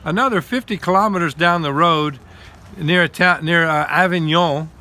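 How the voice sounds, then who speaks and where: An older man casually telling a missionary travel story outdoors in the cold while his wife films him on a phone, folksy and quick to laugh. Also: on the high side, pushed and bright. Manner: chatty, folksy, laughs often. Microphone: phone camera held by his wife.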